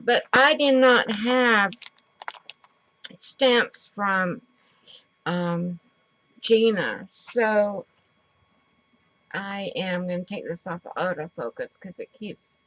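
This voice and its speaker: A woman's voice: medium pitch, slow, pauses often, fairly bright tone. A woman vlogging a casual craft tutorial from her home craft table, chatting in a rambling way with lots of fillers, recorded on the camera mic. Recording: dull lo-fi sound.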